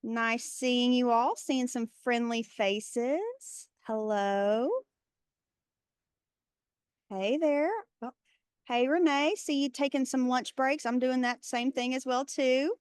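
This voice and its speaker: A woman's voice: high voice, slow, clean tone, no room sound, clean studio sound. Chatty Texan woman hosting a call. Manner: chatty, greets attendees by name. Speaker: webinar host. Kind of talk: casual video call hosting. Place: airport.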